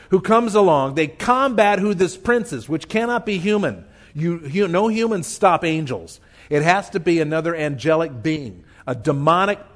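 A man delivers a sermon, reading scripture and explaining it. His voice sits slightly higher than most men's, and he talks with earnest feeling, slowing on the points he wants to stress. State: tearful, choked up. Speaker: pastor.

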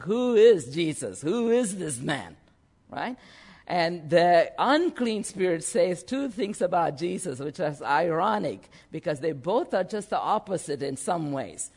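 A man preaching a sermon, slow and lively, often checking in with his listeners. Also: a little high. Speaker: pastor.

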